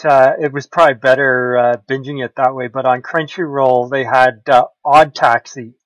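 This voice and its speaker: A man co-hosting a casual podcast, talking in a relaxed, hesitant way with many fillers. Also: mid-range voice, moderate pace, no echo, lo-fi sound. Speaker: podcast co-host.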